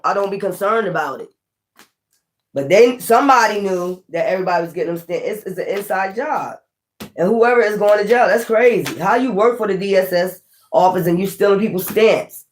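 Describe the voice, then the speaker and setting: A woman from North Philadelphia with a Philly accent, chatting bluntly and roughly on a tarot livestream, swearing freely. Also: medium pitch. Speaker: tarot reader. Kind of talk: casual livestream chat.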